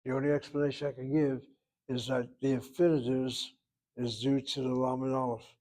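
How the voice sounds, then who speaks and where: Older male teacher, patient step-by-step grammar explainer, mid-pitched. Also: level tone, warm tone. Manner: patient, step-by-step, repeats Hebrew words slowly. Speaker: Hebrew teacher.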